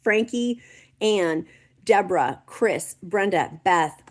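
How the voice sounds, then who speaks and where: A woman's voice: medium pitch, lively intonation, slow. A woman hosting a live stream, chatting and reading viewer comments aloud in an encouraging way. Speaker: livestream host. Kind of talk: casual livestream chat.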